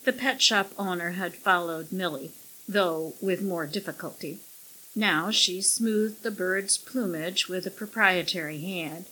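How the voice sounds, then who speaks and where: A woman reading a story aloud as an audiobook narrator. Her delivery is slow and measured, with a very bright tone and a husky edge. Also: fairly low pitch, poor audio.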